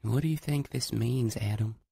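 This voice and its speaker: Chatty Southern teenage girl with a lifted, bright voice, read by a male narrator. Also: medium pitch, moderate pace, gravelly, breathy edge, dry recording, clean studio sound, pitched above the performer's own voice. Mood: curious.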